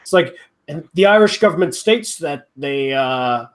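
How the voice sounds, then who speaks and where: Rambling joking man, higher voice. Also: animated, a little slow, a bit bright. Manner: rambling, lots of fillers and restarts; wry, joking. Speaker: podcast co-host. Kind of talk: casual rugby chat.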